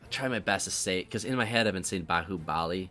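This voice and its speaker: Male podcast host, lowish voice, chatty and meandering, hedges a lot. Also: racing, pushed and bright. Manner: rambling, apologetic, circles back on itself. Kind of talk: casual movie-review chat.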